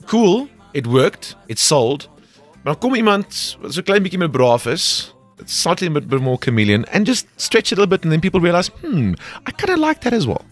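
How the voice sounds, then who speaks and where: A man's voice: fairly high pitch, sing-song, brisk, faint music behind. A man interviewing a guest on radio, chatty and mixing two languages freely. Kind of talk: casual interview chat.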